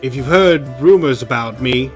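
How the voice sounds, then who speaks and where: A man's voice: medium pitch, normal speed, faint music behind, natural voice. A man reading aloud as a gloomy, guilt-ridden disgraced male crusader in a video game, in a weary, heavy tone. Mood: morose.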